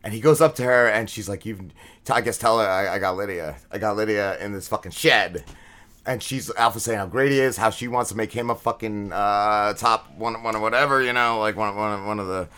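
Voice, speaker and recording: Bright-voiced man recapping a show, rambling. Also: on the low side, fairly quick, clean tone. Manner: rambling, profane, many fillers and restarts. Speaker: podcast co-host. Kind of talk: casual episode recap.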